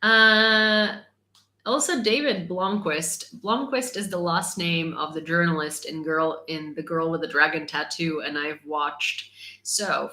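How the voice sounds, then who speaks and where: Young woman, American accent, bright voice, echoey room, playful livestream chat. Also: deep voice. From Ukraine. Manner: chatty and playful, reads comments aloud. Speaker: livestream host. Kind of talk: casual livestream chat answering viewers.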